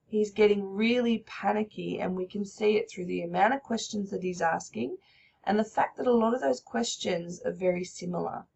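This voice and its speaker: A woman's voice: medium pitch, normal speed, creaky, darkish tone, slightly rough, highs cut off. A woman teaching a recorded lesson, explaining step by step and checking in with "all right?".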